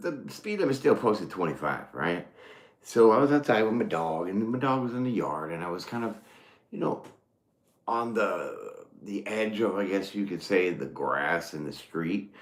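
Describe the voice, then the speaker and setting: A man's voice: low voice, echoey room. A man doing a casual live tarot reading, a swearing storyteller who rambles and laughs often. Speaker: tarot reader; former mechanic.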